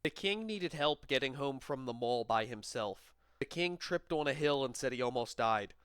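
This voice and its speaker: Male commentary host, smooth voice, slightly high, deadpan sarcasm, dry close recording. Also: normal speed, no echo.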